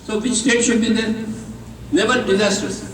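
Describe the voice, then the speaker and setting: An Indian man with a high voice gives a spiritual talk, stressing and repeating his points in a teasing, emphatic way. The recording carries the long echo of a large hall. His voice sounds distant from the microphone, with faint noise underneath. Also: fairly even intonation, normal speed, a bit bright. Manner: emphatic and repetitive, teasing, leads call-and-response. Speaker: spiritual teacher. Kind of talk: spiritual talk to a live audience.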